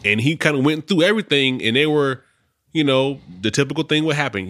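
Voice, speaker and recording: A man chatting casually on a podcast, his voice bright and forceful. He tells long stories and acts out what people said, recorded dry and close. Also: mid-range voice, animated, a little fast, no room sound. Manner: storytelling, acts out quotes. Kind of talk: casual chat.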